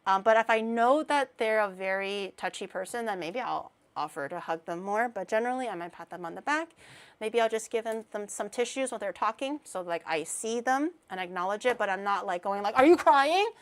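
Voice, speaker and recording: A woman's voice: mid-range voice, brisk. A young woman from Canada chatting casually on a stream, rambling with lots of restarts and fillers, giggly and self-deprecating. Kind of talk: casual chat.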